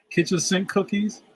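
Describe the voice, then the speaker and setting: Male streamer in his forties, husky, unhurried, lots of "yo" and easy laughs. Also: high-pitched, rough recording. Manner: laughs often, says "yo". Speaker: livestream host reading chat. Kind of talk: casual livestream chat.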